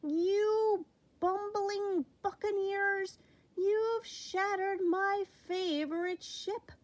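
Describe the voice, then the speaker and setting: A woman's voice: very high-pitched, fairly even intonation, drawn-out words, pitched above the performer's own voice, full character voice. A woman voicing a small, fussy king who whimpers and huffs. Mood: whiny. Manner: whimpering, huffy.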